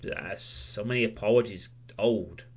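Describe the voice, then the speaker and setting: A man's voice: on the low side, measured pace. A man livestreaming a candid, self-critical monologue; he swears freely and rambles, losing his train of thought at times.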